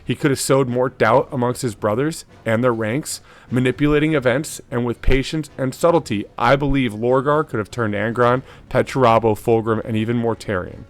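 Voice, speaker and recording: A man's voice: medium pitch, steady tone, normal speed, hardly any pauses. A man hosting a lore video in casual commentary, talking loosely with lots of fillers and tag questions.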